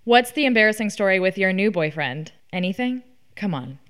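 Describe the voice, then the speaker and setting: A young woman hosting a casual talk show, her pitch swinging up and down as she chats. She teases her guest and presses her with playful questions. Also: lively intonation, a little fast, fairly bright tone, clear, resonant tone. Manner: teasing, coaxing questions. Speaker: podcast host. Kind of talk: casual chat.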